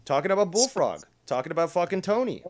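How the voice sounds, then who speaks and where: A man's voice: sits high, sing-song, fast, a loud crowd. A man hosting a live drama talk show, ranting heatedly and swearing freely. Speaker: stream show host.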